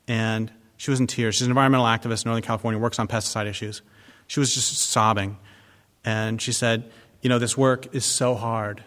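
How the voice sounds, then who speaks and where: A man giving an impassioned public talk, blunt and sardonic, swearing freely and slowing down to stress key words. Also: medium pitch, fairly bright tone. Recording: long reverb of a large hall.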